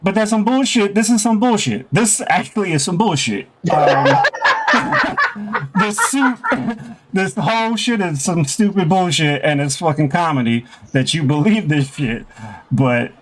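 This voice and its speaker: A man's voice: high voice, sing-song, measured pace, background noise. A man co-hosting a podcast in casual chat, blunt and incredulous, with heavy profanity. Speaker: podcast co-host.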